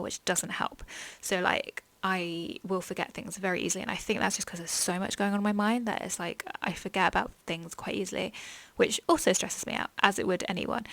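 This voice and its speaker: A woman's voice: mid-range voice, vocal fry, fairly bright tone, no room sound. A young woman hosting a podcast, chatting candidly about her mental health in a rambling, frank way, full of likes and ums. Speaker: podcast host.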